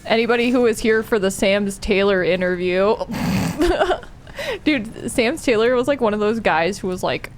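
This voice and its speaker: A woman's voice: mid-range voice, moderate pace, slight background noise. A woman with a Californian Valley Girl accent, chatting casually as a streamer, dropping "like" constantly and laughing often. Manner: fills speech with "like" and "oh my God", laughs often. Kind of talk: casual chat while gaming.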